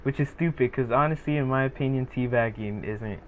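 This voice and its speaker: A man's voice: medium pitch, fairly quick. A teenage male gaming streamer chatting casually with viewers, rambling along with lots of fillers and restarts. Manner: rambling, laid-back, many fillers and restarts. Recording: tinny phone-like sound with faint noise.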